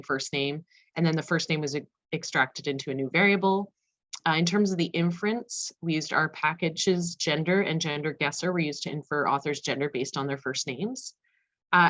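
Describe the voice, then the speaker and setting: Woman, low voice, academic talk, rapid delivery, frequent fillers. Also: fairly bright tone. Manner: fast-paced, self-aware of speed, frequent fillers. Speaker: conference panelist. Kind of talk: academic presentation.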